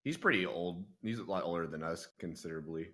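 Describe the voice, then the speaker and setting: A man's voice: low-pitched, fast. A young man co-hosting a podcast, telling stories in casual chat and acting out the people he quotes, laughing often. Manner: animated storyteller, acts out quotes, laughs often. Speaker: podcast co-host.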